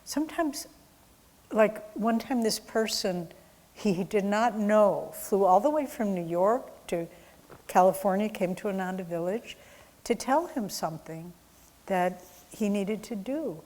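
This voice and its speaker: Woman, mid pitch, chatty storytelling, reverberant hall. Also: expressive, measured pace, mellow. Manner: conversational storytelling with quoted asides. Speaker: spiritual teacher. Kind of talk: satsang talk with stories.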